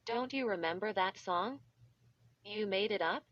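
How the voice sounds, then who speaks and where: A woman's voice: medium pitch, a little slow, fairly bright tone, natural voice. A woman's voice, likely synthetic, reading a bratty little girl who taunts in a sing-song. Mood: taunting. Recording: dull lo-fi.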